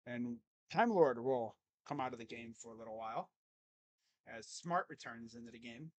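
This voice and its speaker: A man giving casual live play-by-play reaction to a basketball game, jumping between loud excited calls and low muttered grumbling as a rambling fan. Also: normal speed. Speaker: sports YouTuber doing live play-by-play.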